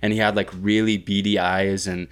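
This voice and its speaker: A man's voice: fairly low pitch, little pitch movement, moderate pace, clear, resonant tone. A young man co-hosting a podcast, telling a dream in a rambling, casual way with lots of fillers and swearing. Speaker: podcast co-host.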